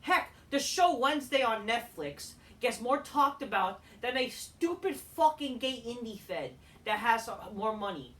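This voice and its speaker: A woman's voice: fairly high pitch, very animated, measured pace, hardly any pauses, a bit bright. A woman heatedly ranting as a wrestling show reviewer, swearing often and rambling between points. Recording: voice a bit far from the mic.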